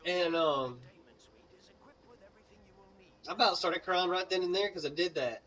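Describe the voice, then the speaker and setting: A young Southern-accented man from Mississippi, co-host of a gaming channel, wanders through a casual tale over gameplay, using lots of fillers and stopping to react to the game. His pitch is high, his pace a little fast, his tone a bit bright. It's recorded from a distance with lo-fi sound.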